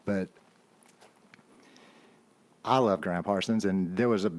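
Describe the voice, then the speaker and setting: Rambling low-voiced man chatting about music. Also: unhurried. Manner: rambling and enthusiastic, full of "man" and "you know". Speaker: podcast guest, musician. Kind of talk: casual chat.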